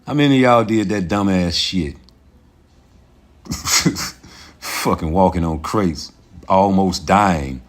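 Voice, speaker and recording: A man with a lowish voice holds forth on his own livestream, swearing freely and laughing between points. He talks straight to his viewers in a loose, rambling rant. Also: slow, pauses often. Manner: profane, animated, laughs often. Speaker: livestream host.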